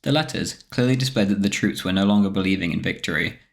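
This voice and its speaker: A man reading a scripted history documentary narration in a steady, measured way. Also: low voice, vocal fry.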